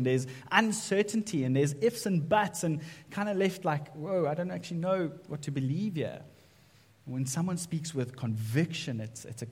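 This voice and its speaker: Preaching conversationally from a church sanctuary, this pastor keeps asking his listeners "right?" His voice is fairly high with a breathy edge, and the hall's reverb gives it an echo.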